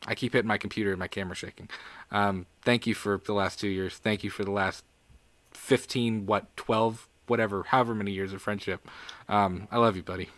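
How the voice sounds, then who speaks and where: A man's voice: lowish voice, steady tone, brisk, a bit bright, no room sound. A young man co-hosting a live movie podcast, laughing often, reading chat aloud, and getting sentimental. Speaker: podcast co-host. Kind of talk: casual live-stream chat.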